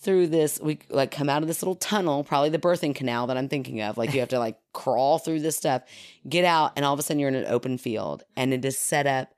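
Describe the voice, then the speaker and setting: A woman from Kentucky telling a story in casual podcast chat, animated and often laughing as she talks. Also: a bass voice, quick pace, no echo.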